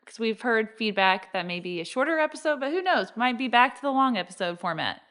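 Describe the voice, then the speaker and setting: A woman's voice: a little high, big pitch swings, a little fast, fairly bright tone, clean tone. A woman co-hosting a podcast, teasing her partner in dry, casual chat. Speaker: podcast co-host.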